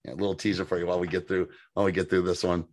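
A man's voice: deep voice, flat delivery, rapid-fire, a little mellow. A man co-hosting a podcast, recapping in casual chat, rambling, swearing freely and laughing often. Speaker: podcast co-host.

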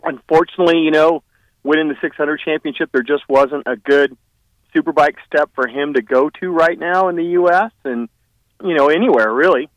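A man's voice: on the high side, normal speed, no echo, rough recording. Easygoing guy rambling on a radio call, lots of um and you know, dry sound. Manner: relaxed, rambling, many fillers. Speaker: guest, racing team owner. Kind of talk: casual phone interview.

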